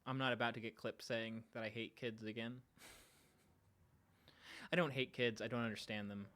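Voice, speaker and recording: This podcast host goes live from home, his dog with him, casually talking to viewers while rambling, running himself down and trailing off partway through sentences. His mid-range voice is steady and fairly bright, moving a little slowly.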